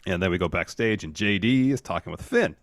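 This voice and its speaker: A man's voice: low voice, expressive, fairly quick, no echo. A man co-hosting a podcast, narrating events in casual chat and reading quotes in a plain way. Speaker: podcast co-host.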